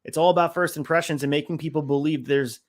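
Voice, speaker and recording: A man co-hosting a casual wrestling podcast, walking through his notes on each segment in a methodical, steady way. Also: a little high, quick pace. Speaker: podcast co-host.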